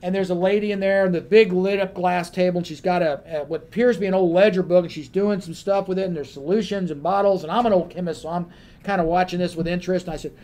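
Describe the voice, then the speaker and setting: A man on a panel telling a lively anecdote and acting out the other people in his story. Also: high voice, fast talker.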